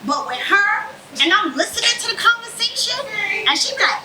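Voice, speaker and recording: A woman co-hosting a live podcast, telling an animated story. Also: extremely high pitch, a little fast, echoey room, a crowd in the background, poor audio. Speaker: podcast co-host, therapist. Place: patio bar. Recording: loud background noise.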